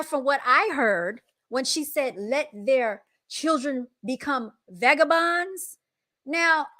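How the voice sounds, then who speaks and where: A woman hosting a casual reaction commentary, animated and emphatic, often calling out to her viewers. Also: a little high, no echo, clean studio sound. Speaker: commentary host.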